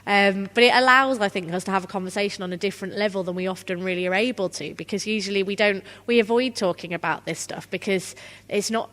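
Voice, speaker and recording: A woman's voice: medium pitch, fairly bright tone. Woman leading a workshop, chatty, asks the crowd stuff, echoey conference hall. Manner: chatty, engages the audience directly. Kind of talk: conversational workshop talk.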